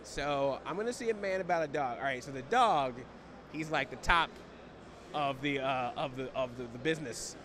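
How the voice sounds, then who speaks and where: A man's voice: medium pitch, normal speed, fairly bright tone. An American man, a comedian guest, riffing playfully with laughs and silly voices in a casual outdoor interview. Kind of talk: playful improvised chat. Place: outdoors at a busy convention.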